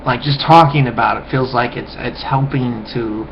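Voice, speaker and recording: A man's voice: medium pitch, steady tone, normal speed. A man rambling through a loose, profane webcam monologue, often trailing off and mumbling. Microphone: webcam mic. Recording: dull lo-fi webcam audio, faint hiss.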